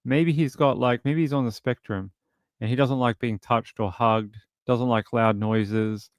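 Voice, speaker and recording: A man's voice: mid-range voice, steady tone, a little slow, no echo, studio quality. A man hosting a true crime live stream, reading news and viewer comments with blunt, mocking commentary. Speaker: true crime show host.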